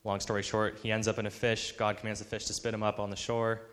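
A man's voice: fairly low pitch, completely flat delivery, fast, fairly bright tone, in a large hall. A man preaching a sermon, earnest, acting out the voices of the people he quotes. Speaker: pastor.

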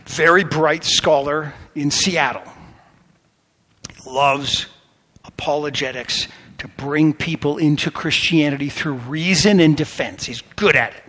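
A man preaching a sermon as pastor, impassioned, swinging between loud exclamations and hushed whispers. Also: on the high side. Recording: long reverb of a large hall.

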